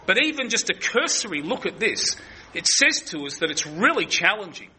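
A man's voice: high-pitched, very animated, moderate pace, sharp tone, husky, poor audio. A man preaching an earnest expository sermon, often restarting his sentences.

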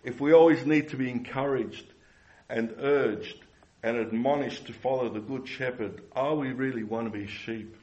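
A man's voice: mid-range voice, moderate pace, darkish tone, dull audio. A man preaching a sermon earnestly, repeating phrases and asking the congregation rhetorical questions.

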